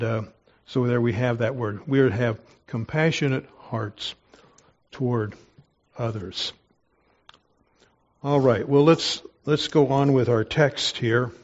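Earnest male preacher, explanatory, reads scripture slowly, mid pitch, mildly dull recording. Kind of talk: expository Bible sermon.

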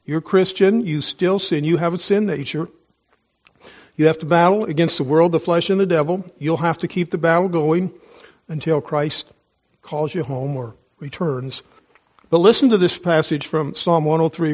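A man's voice: fairly high pitch, a little mellow, lo-fi sound. A man preaching a sermon, earnest and emphatic, his voice strained as if he is nursing a sore throat. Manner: earnest, emphatic, pauses to ask listeners directly. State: strained voice, taking cough drops. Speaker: pastor.

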